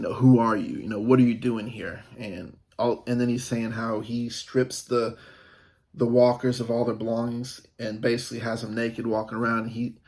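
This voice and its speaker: Man, mid pitch, casual TV recap, chatty, rambling, frequent fillers. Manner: animated, rambling, many fillers and restarts. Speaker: TV episode reviewer.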